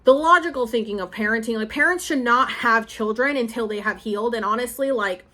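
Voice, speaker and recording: A woman's voice: fairly high pitch, a little fast, bright, forceful tone. A woman in her thirties vlogging in a casual, confessional way, rambling emotionally and saying "like" often. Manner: rambling and emotional, heavy use of "like". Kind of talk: casual confessional vlog talk.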